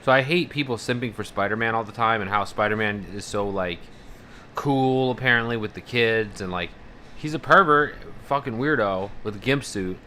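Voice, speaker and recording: A man's voice: lowish voice, normal speed, slight background noise. A man livestreaming casually, rambling and swearing as he reads out viewer messages. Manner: rambling, profane, animated about fears. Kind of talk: casual live-stream chat, reading out viewer messages.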